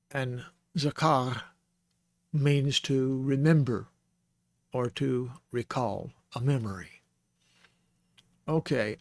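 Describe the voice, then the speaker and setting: This male teacher of Bible Hebrew has a mid-range voice and gives a casual, patient lesson on the Hebrew alphabet, sounding out letters and fixing his own slips as he talks. The close-miked recording carries no room sound.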